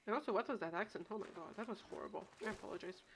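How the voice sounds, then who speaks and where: A woman's voice: mid-range voice, very fast, a little hiss or hum. A young woman streaming a game, chatting casually in a dramatic, self-mocking way. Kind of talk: casual live game commentary. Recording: music playing behind.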